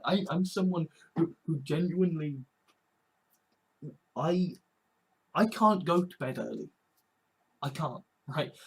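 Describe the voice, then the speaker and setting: A man from Britain, talking earnestly in a halting personal monologue, repeating words and swearing often. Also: a little high, breathy edge, rough recording. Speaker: vlogger. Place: home.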